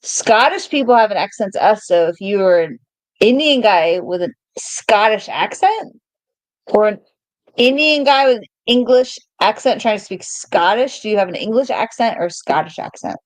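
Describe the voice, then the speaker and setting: A woman from the United States co-hosting a casual live-stream chat, teasing and quick to argue back. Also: mid-range voice, expressive, dry recording, poor audio. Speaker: podcast co-host.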